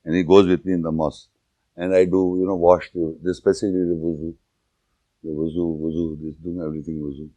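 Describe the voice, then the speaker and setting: Man, lowish voice, dry close sound, informal religious lecture, anecdotal, joking. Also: level tone, dark tone, no room sound, dull audio. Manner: anecdotal, joking, with searching pauses and restarts. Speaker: Islamic lecturer.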